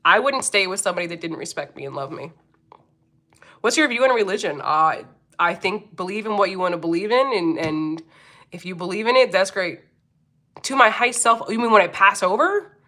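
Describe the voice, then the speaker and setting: A Philadelphia woman in her forties, with a Philly accent, hosts a casual livestream, reading comments, laughing a lot, and swearing freely. Her medium-pitched voice is expressive, brisk, pushed, and bright.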